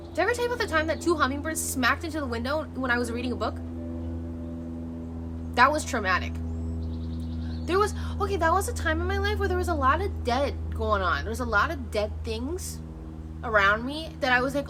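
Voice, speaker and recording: Amid a noisy background, a young woman with a high-pitched voice talks fairly quickly to viewers on her outdoor stream. She rambles loosely and animatedly, with lots of restarts and free swearing.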